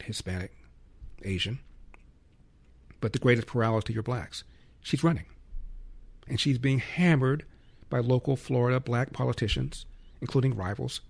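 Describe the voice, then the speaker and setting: A man hosting a call-in radio talk show, arguing emphatically and firing off rhetorical questions. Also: medium pitch.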